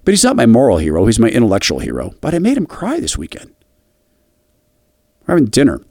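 A man's voice: wildly swooping pitch, creaky, a little mellow, slightly rough, no echo. An earnest middle-aged man tells a personal story on his commentary show. His voice rises and falls widely as he speaks, and he often stops to restart a phrase. The sound is close and dry, with no room around it. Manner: earnest, halting, with restarts and a wide pitch swing. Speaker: radio commentary host.

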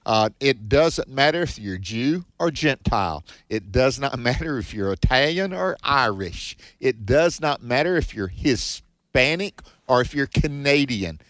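A man's voice: medium pitch, expressive, measured pace, hardly any pauses, fairly bright tone, no room sound. Man, earnest preacherly Bible talk, dry close sound. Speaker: Bible teaching show co-host. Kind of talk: conversational Bible teaching.

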